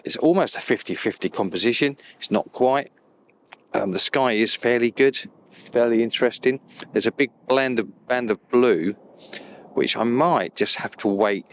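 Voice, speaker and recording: A deep-voiced man out on an open moor, talking his camera through a landscape shot. He sounds quietly delighted and sometimes drops almost to a whisper, close to his mic in the still outdoor air. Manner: enthusiastic, softly spoken, at times whispering. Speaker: landscape photographer. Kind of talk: outdoor photography vlog. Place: outdoors beside a loch on a moor.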